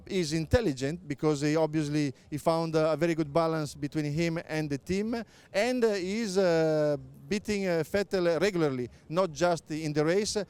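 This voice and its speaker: A middle-aged man with an Italian accent, a native Italian speaker answering interview questions as a motorsport pundit, pausing often on filler sounds and restarting his phrases. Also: on the high side, darkish tone, clean tone. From Italy. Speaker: motorsport pundit, former racing driver.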